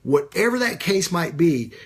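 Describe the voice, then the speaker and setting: On his live stream, a business coach with a slightly rough, somewhat high voice speaks in a very animated way. He talks conversationally, leaning on fillers and repeated phrases, and stops to say hello to viewers by name.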